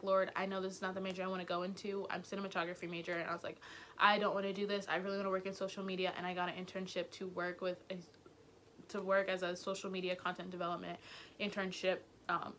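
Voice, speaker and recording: A woman's voice: medium pitch, a bit bright, a little hiss or hum. A woman in her twenties talking earnestly and passionately to camera in a casual vlog book review. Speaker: YouTuber.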